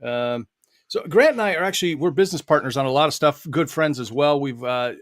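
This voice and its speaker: A man's voice: a little high, a little fast, a bit bright, no echo, studio quality. A man from the United States hosting an online book launch over a video call, talking loosely with many fillers and little laughs. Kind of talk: casual livestream chat.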